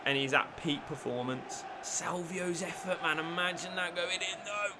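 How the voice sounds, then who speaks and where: A man commentating on his own football video game play, shifting between low muttering and shouted excitement. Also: normal speed, noisy background. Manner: lively, swings from low mutters to shouted celebrations. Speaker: gaming YouTuber.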